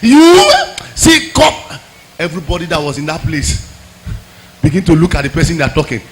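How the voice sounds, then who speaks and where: A man preaching a sermon, telling personal stories that swing from quiet asides to shouted exhortation. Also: a little high, steady tone, fast, a little hiss or hum. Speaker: pastor.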